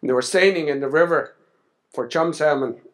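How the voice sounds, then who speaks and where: A man's voice: on the high side, brisk. Man telling a story at a podium. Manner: conversational, anecdotal, with fillers. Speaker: speaker at a salmon summit. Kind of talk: storytelling in a public speech.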